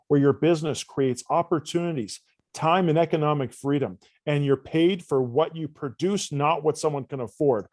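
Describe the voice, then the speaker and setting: A man, a coach guest on a podcast interview, telling stories with lively, acted-out dialogue in a casual conversational way. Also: a little high, moderate pace, no echo. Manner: animated storyteller, acts out dialogue.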